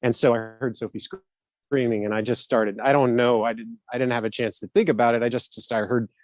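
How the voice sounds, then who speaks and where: A middle-aged man from the Southern United States, an actor guest telling animated anecdotes in a casual interview. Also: medium pitch, brisk, no echo. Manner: animated, laughing storyteller.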